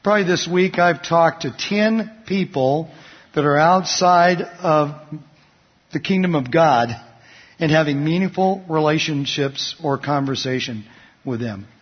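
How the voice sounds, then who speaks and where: A man with a somewhat high, breathy voice preaches a sermon in an easy, conversational way, asking his listeners questions and sharing stories. The sound is muffled and lo-fi, with a long hall echo behind him. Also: unhurried. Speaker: pastor. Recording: dull lo-fi recording in a reverberant hall.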